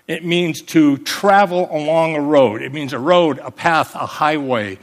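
A pastor preaching a sermon, emphatic, calling out for amens and slowing down to explain Bible words. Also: male voice, on the high side.

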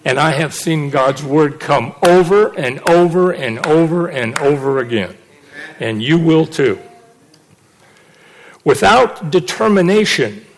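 A man's voice: fairly high pitch, poor audio. A middle-aged man preaching a sermon, emphatic and repeating phrases for stress.

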